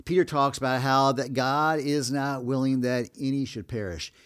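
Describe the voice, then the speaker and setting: A male co-host reflects on a Bible passage in an even, conversational tone. He speaks with steady, thoughtful phrasing and a plain, mid-pitched voice. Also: moderate pace, clear, resonant tone. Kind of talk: Bible teaching discussion.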